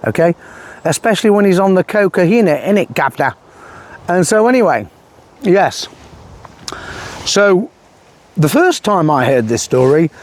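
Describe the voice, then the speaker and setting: A man's voice: medium pitch, darkish tone. A man giving a sarcastic political commentary monologue, scornful and rambling with many fillers.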